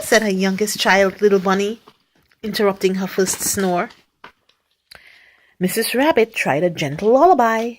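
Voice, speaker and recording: A woman's voice: medium pitch, moderate pace, slight background noise. A woman reading picture books aloud to a young child, playfully acting out animal noises and sound effects.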